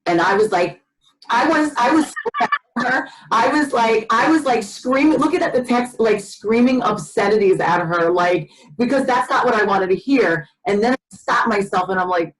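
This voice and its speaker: A woman's voice: a little high, normal speed, poor audio. A woman hosting a podcast, telling stories in a chatty way full of fillers and restarts. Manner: animated storyteller, many fillers and restarts. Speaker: podcast host. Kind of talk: casual conversation.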